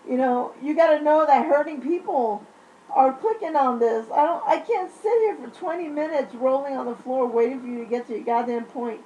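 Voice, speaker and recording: A woman's voice: sits high, moderate pace, mellow, muffled recording, a little hiss or hum. A woman vlogging, unwell during a flare-up, venting in a blunt, profane, exasperated rant. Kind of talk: ranting vlog.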